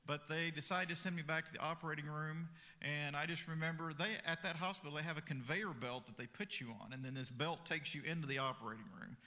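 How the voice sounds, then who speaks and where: Bright-voiced preacher man in a reverberant hall. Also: a little high, fairly even intonation. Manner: conversational, fillers, quick asides. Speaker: pastor. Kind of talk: sermon storytelling. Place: church sanctuary.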